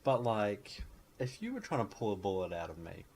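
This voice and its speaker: A man's voice: fairly low pitch, huge pitch swings, normal speed, a little mellow, slightly rough. A young man hosting a podcast, chatting casually and jokingly about an old TV episode. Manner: joking, acts out quoted lines in silly voices. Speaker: podcast host. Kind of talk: casual chat recapping a show.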